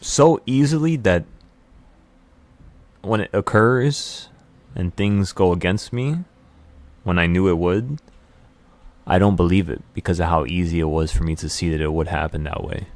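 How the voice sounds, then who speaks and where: A man hosting a trading channel, speaking in an intense, rambling motivational monologue full of excitement and repeated words. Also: sits low, unhurried, pauses often.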